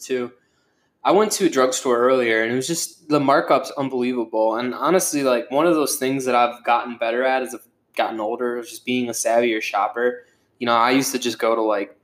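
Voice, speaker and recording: A young man talks through a casual solo podcast in a loose, rambling way. He swears often and leans on fillers as he talks. His voice has a mid pitch and echoes off the room around him. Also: fairly bright tone. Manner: rambling, profane, with many fillers. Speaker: podcast host.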